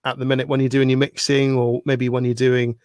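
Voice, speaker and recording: A man hosting a podcast interview, enthusiastic and quick to praise his guest. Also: mid-range voice, completely flat delivery, a little mellow, clear, resonant tone, no echo, studio quality. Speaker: podcast host. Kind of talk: casual interview. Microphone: video call.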